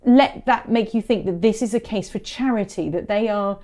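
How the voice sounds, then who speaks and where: A woman's voice: medium pitch, moderate pace, dark tone. A woman from the south of England, co-hosting a casual business podcast, emphatic and repeating her key points. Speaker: podcast co-host, photography business coach. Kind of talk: casual podcast advice chat.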